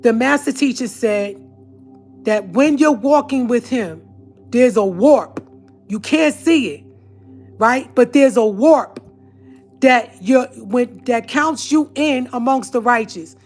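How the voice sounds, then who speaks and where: A woman's voice: fairly high pitch, slow pace, a little mellow, soft background music. A woman telling a personal story to her viewers, speaking in an earnest, emphatic way. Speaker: vlogger.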